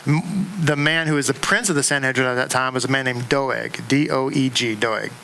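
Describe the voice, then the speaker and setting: A middle-aged man teaching a class to a congregation in a synagogue classroom, speaking in an animated way, repeating words and making asides and jokes to the room. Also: medium pitch, normal speed, gravelly, slight background noise, rough recording.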